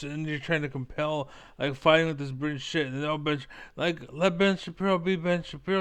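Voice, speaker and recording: Man, reaction commentary, swearing and combative, rambling, smooth clear voice. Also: fairly high pitch, steady tone, moderate pace, few pauses, fairly bright tone. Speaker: reaction video creator.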